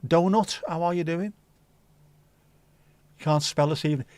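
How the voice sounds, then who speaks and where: A man's voice: fairly high pitch, measured pace, a little mellow, no echo. Chatty, sweary man hosting. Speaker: livestream host. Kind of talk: casual chat answering viewers' comments. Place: home livestream setup.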